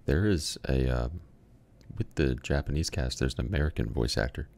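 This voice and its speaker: A man's voice: rumbling low, normal speed, gravelly, a little mellow. A man co-hosting a podcast in casual chat, mostly giving short, hesitant replies. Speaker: podcast co-host.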